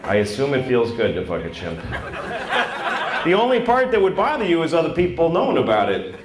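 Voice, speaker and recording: A man's voice: on the high side, wildly swooping pitch, brisk, a crowd in the background, noisy background. A man doing stand-up comedy and talk show chat, telling crude, blunt, self-mocking stories.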